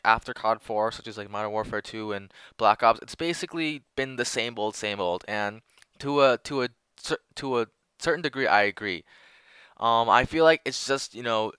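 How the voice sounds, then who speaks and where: A man's voice: lowish voice, bright, forceful tone, clean tone, no room sound. A young man giving casual commentary over gameplay, rambling with many filler words and restarts. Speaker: gaming commentator.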